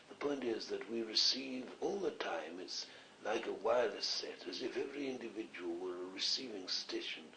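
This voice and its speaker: Deep-voiced man with a slight Scottish accent. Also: fairly bright tone. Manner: earnest, rambling, philosophical. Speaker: spirit communicator at a séance. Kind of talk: séance communication. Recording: echoey, distant old archive recording with faint hiss.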